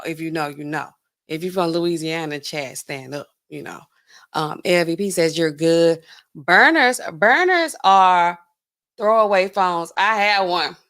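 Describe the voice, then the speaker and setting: A woman hosting a livestream, chatting casually and talking straight to her viewers. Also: lowish voice. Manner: chatty and animated, talks straight to her chat. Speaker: livestream host.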